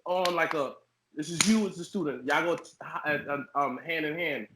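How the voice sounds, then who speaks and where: A man hosting a podcast interview, asking questions in an animated, emphatic way. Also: a little high, normal speed, a crowd in the background. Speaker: podcast host. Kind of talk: casual interview. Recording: echoey room.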